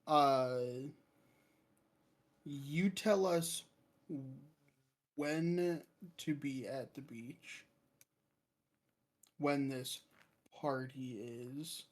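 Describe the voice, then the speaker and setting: Very slow, halting tabletop player. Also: mid-range voice. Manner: halting, full of filler words. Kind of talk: casual tabletop play.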